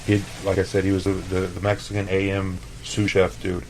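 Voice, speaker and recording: A man from El Paso, a chef, telling stories in a loose, profane, animated way on a podcast. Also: low-pitched, fairly quick, slight background noise, rough recording. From El Paso, Texas. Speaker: chef, interview guest. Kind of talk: casual storytelling.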